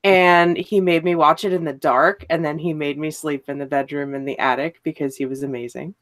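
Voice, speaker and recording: A woman with a notably low voice talks in a casual chat. She is relaxed and blunt, and swears offhandedly. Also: a little fast.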